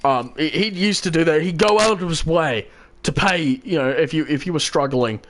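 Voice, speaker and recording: Here the young Kiwi host's voice sits fairly high, bright-ish, at a normal speed. While gaming he casually rambles through a story full of swearing, performing other people's lines.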